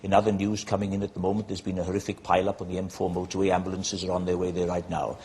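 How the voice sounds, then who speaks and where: A Welsh man voicing a solemn male radio newsreader who reads slowly with a Welsh lilt. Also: low-pitched, completely flat delivery, a little mellow, pitched below the performer's own voice. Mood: grave.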